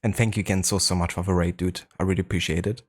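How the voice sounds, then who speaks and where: Low-voiced German-accented man streaming. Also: fairly even intonation, very fast. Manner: laid-back, chatty, greets viewers, frequent fillers. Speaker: game streamer. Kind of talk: casual live-stream chat.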